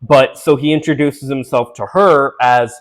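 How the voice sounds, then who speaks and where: A man's voice: mid-range voice, steady tone. A man casually recapping a film, rambling with fillers and restarts, and briefly acting out the characters' lines. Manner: acts out characters' lines in quick voices. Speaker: movie recap host.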